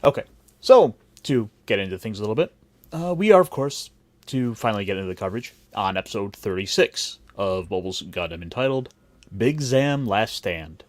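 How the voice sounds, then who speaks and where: A man's voice: lowish voice, lively intonation, normal speed, no echo. A man from Cleveland, hosting a casual podcast chat in a rambling, jokey way full of restarts. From grew up in Cleveland and Puerto Rico. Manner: rambling, self-interrupting, jokey. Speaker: podcast host.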